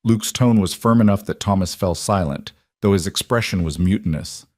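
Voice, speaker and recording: A man narrating a scripted Western story in a steady, measured way. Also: low voice, dry recording, studio quality.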